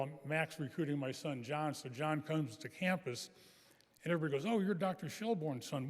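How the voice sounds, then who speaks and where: An older man giving a folksy, anecdotal speech as a guest speaker in a large chapel. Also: mid-range voice. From American Midwest. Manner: folksy storytelling. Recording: long chapel reverb.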